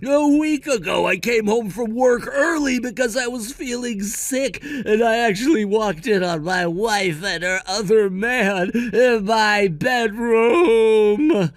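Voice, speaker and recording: A man's voice: sits high, takes it slowly, few pauses, dry recording, clean studio sound, soft background music, pitched above the performer's own voice. A man voicing a selfish, whiny grown man who is petulant and pushy. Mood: frantic.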